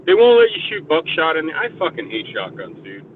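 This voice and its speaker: Man, profane, rambling, animated pitch, tinny voice chat sound. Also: fairly quick. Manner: animated, swears constantly, rambling. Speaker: voice chat participant. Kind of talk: casual profane storytelling. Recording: tinny phone-like voice chat, faint hiss.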